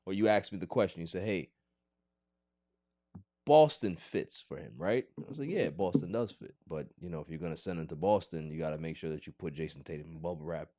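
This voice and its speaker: A man hosting a casual sports podcast, joking and theatrically pleading in an animated way. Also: low-pitched, brisk, no room sound, studio quality. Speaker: podcast host.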